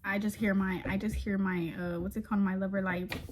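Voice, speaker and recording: A woman's voice: mid-range voice, level tone, fairly quick, background noise. Chatty young woman telling a storytime. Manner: chatty and frank, swears freely, laughs between lines; addresses viewers directly as y'all. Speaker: vlogger. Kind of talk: casual storytime monologue.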